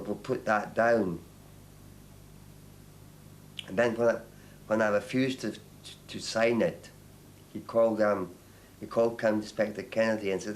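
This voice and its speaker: Older man from Northern Ireland, documentary interviewee; low voice, halting delivery with repeated words, faint hiss in the background. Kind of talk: documentary testimony.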